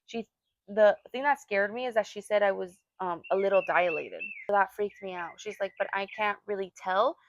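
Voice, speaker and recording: A woman's voice: medium pitch, moderate pace, dull audio, slight background noise. A young woman co-hosting a casual chat, telling a personal story with feeling and lots of fillers. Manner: emotional storytelling, many fillers. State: pregnant or new mother. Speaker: podcast co-host.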